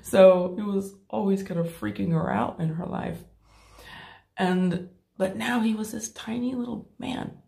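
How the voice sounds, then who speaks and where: A woman's voice: medium pitch, a little slow, vocal fry. A woman coaching and casually retelling a client's session, quoting both sides with lots of "like". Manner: animated retelling, uses "like" often, acts out quotes. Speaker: hypnosis coach telling a client story. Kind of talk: casual storytelling chat.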